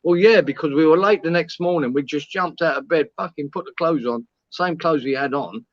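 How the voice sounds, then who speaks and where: High-voiced swearing Englishman telling a story. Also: a little fast, dry recording, muffled recording. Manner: swearing, laughing, acts out quoted lines. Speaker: co-host. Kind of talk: casual storytelling.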